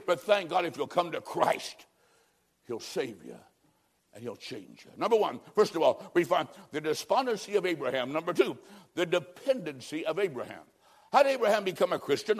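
Male evangelist, high-pitched, dramatic sermon delivery with loud peaks and quiet closes. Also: expressive, brisk. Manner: dramatic, swings between loud emphasis and hushed low endings. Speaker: preacher.

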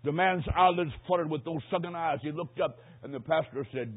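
A husky, slightly high-voiced man preaches a sermon, moving from near-whispers to loud, pressing lines. The recording sounds thin and phone-like. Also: brisk, few pauses. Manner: dramatic storytelling, swings between hushed and loud. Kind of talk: sermon with a told story.

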